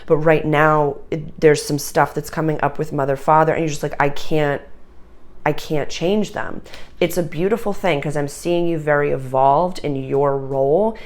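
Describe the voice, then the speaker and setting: A woman's voice: low-pitched, fairly even intonation, moderate pace, few pauses. A woman giving a channeled tarot reading to camera, urgent, emotional and earnest, with many fillers. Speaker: astrology and tarot reader.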